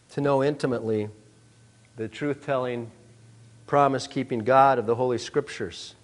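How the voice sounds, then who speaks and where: A man with a somewhat high voice delivers an earnest sermon to his congregation. He presses his points with emphasis and fills pauses with frequent "uh"s. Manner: earnest, emphatic, many "uh" fillers. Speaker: pastor.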